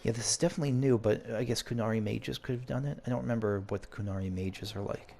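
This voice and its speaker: Gravelly man narrating his gameplay. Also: fairly low pitch, quick pace, warm tone, a little hiss or hum. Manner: chatty, thinking aloud. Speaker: game streamer. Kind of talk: let's play commentary and story reading.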